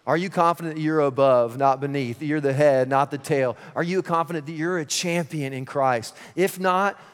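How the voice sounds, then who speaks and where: A male pastor in his thirties delivers a lively sermon, his fairly high voice ringing with long reverb through a large hall. He moves between loud, playful stretches and quiet, earnest passages. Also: normal speed. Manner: energetic, swings from loud and playful to hushed and earnest.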